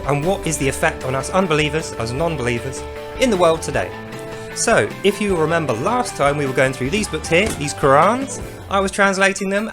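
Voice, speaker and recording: A man giving sarcastic, mocking commentary to camera as a video commentator, breaking into loud comic voices for the quotes he acts out. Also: a little high.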